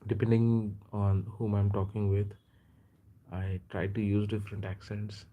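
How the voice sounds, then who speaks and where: A man from India hosting a casual live stream, chatting in a rambling way and often pausing to hesitate and correct himself. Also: lowish voice, little pitch movement, narrow, tinny audio. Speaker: livestream host.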